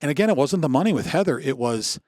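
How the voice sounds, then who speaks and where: A man's voice: fairly high pitch, quick pace, dry recording, clean studio sound. A man in his sixties from Michigan, a podcast guest telling a personal story in casual conversation, acting out what others said with lots of restarts. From Michigan, USA. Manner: animated storyteller acting out dialogue, many restarts.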